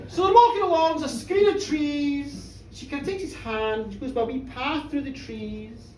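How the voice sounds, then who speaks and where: A woman storyteller at a live pub show, chatty and lively, often checking in with her listeners. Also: high voice, normal speed, hardly any pauses, slight background noise. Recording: roomy pub from far off.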